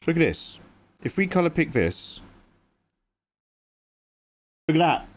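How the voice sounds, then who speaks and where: A man's voice: fairly high pitch, sing-song, slow pace. Chatty man streaming his art. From England. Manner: chatty, reads and answers chat, explains as he works. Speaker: livestream artist. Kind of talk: casual livestream chat while drawing.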